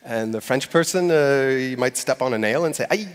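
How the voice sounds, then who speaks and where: A man's voice: medium pitch, moderate pace. A man giving a conversational talk on stage, speaking directly to a live audience. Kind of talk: conference talk. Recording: long hall reverb.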